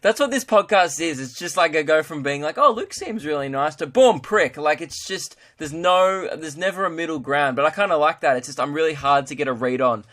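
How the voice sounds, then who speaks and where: A man's voice: fairly high pitch, a little fast, few pauses, a bit bright. A young Australian man hosting a podcast, rambling through a casual comedic monologue and laughing at his own jokes. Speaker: podcast host.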